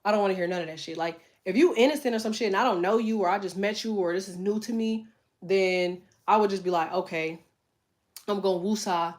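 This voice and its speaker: A middle-aged woman talks loosely to her viewers in a live chat. Her delivery is blunt and emphatic, full of profanity, and her pitch sits in an ordinary middle range for a woman. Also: fast talker, a little mellow. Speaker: tarot reader and livestream host. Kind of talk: casual livestream chat.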